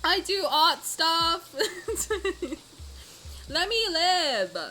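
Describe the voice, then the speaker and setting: A woman's voice: extremely high pitch, expressive, very slow, noisy background. A woman streamer reacting live to a game, blunt and swearing freely as she talks back to her chat.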